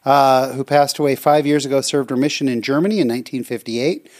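A man co-hosting a casual podcast, reading audience comments aloud with gushing, heartfelt praise. His voice sits at an ordinary middle pitch, and his manner is friendly and effusive. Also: brisk, darkish tone. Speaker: podcast co-host.

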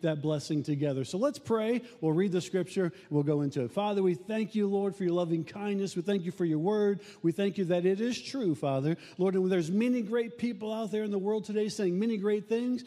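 A man's voice: sits high, brisk, few pauses, mellow. A male pastor preaching a sermon in an emphatic, repetitive preaching cadence. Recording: reverberant room sound.

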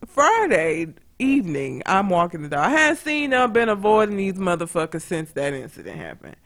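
A woman chatting on a podcast. She tells a story in an animated, profane way and laughs often. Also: medium pitch, moderate pace. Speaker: podcast co-host. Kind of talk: casual chat, storytelling.

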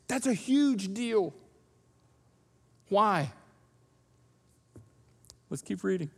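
High-voiced preacher in a reverberant church. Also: male voice, very slow, vocal fry, long pauses, slightly rough. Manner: conversational, animated storytelling preacher. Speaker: pastor. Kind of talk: sermon. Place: church auditorium.

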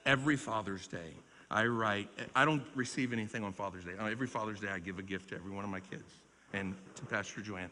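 A man in his forties preaching a revival sermon, swinging between loud exhortation and quiet storytelling. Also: on the low side. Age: 40s. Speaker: pastor. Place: large church sanctuary. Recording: long church hall reverb.

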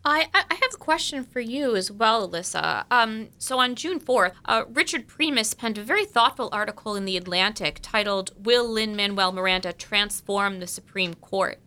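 A woman's voice: mid-range voice, animated, moderate pace, few pauses, sharp tone. A woman hosting a panel, reading out a careful, prepared question to a guest. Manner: reads a careful, formal question. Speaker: host posing questions.

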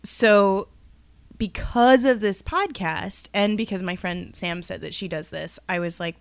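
A woman, telling a personal story in a casual podcast chat, animated and swearing, acting out quotes. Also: medium pitch, unhurried, clean tone, no echo. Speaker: podcast guest.

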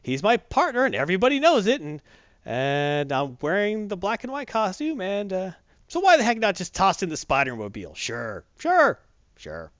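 A man's voice: sits high, huge pitch swings, normal speed, a bit bright, no room sound, muffled recording, pitched above the performer's own voice, heavily acted. A man doing a baffled young superhero. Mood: flustered. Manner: bewildered, stammering. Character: rattled young male superhero, confused.

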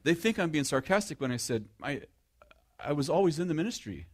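A man's voice: fairly high pitch, very animated, a little fast. Middle-aged man preaching conversationally. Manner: self-deprecating humor, frequent restarts, asks the audience questions. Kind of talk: conversational sermon.

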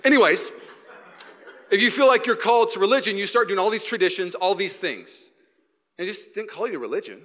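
A man from Seattle preaching a lively sermon to his congregation in a church, sometimes acting out shouting sports fans. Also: high-pitched, fairly quick, big-room sound. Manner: animated, acts out shouting fans. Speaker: pastor.

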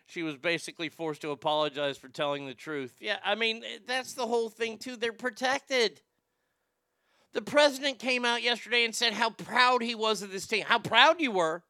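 Speaking at a normal pace in a high, pushed, bright voice, this man hosts a talk show captured in a dry, studio-quality recording. He's brash and foul-mouthed, reacting to clips and reading chat aloud as casual commentary, and often stumbles into restarts.

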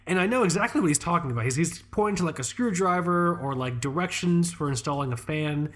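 A man's voice: on the high side, fast, few pauses, a bit bright. Rambling, swearing man chatting casually. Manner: rambling, profane, lots of fillers and restarts. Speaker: podcast co-host. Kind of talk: casual chat.

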